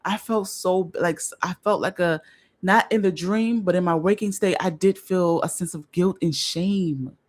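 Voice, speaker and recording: A woman's voice: lowish voice, moderate pace. Woman vlog host, casual storyteller, chatty and earnest, many restarts. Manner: rambling, restarts, chatty asides to viewers; earnest, openly emotional.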